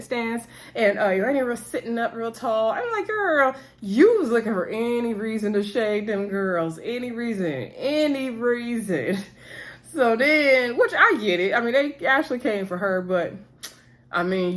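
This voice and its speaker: A woman hosting a casual reality TV recap, chatty and sassy, acting out the cast members' lines in quick voices. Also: a little high, fairly bright tone. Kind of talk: casual chat.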